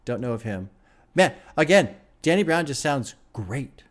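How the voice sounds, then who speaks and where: A man's voice: medium pitch, sing-song, measured pace. A man hosting an album reaction, enthusiastic and laughing often, swearing freely as he talks. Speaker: music reaction host. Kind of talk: casual album reaction commentary.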